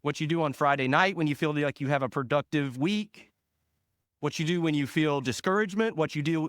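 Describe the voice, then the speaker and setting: A man preaching a sermon as pastor, leaning hard on single words and letting phrase ends fall soft and low. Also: no echo, studio quality. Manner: slow, emphatic stress on single words.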